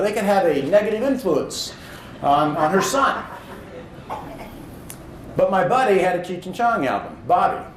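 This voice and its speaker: A man in his thirties from Indiana, giving a motivational speech in a hall, telling stories and building to emphatic points. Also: high-pitched. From Indiana, USA. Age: 30s. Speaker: public speaking champion. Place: hall with audience. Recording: roomy hall echo, faint noise.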